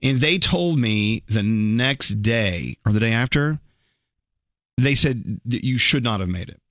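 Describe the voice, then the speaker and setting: A man's voice: mid-range voice, lively intonation, unhurried, fairly bright tone, dry recording, studio quality. A man hosting a morning radio show, mixing wry teasing jokes with earnest talk. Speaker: radio host. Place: radio studio.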